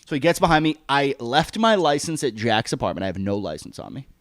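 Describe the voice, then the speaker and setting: A man's voice: medium pitch, fast, no room sound, clean studio sound. A young man chatting on a podcast, telling stories and acting out the people in them. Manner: animated storyteller, acts out quotes. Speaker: podcast co-host. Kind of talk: casual chat.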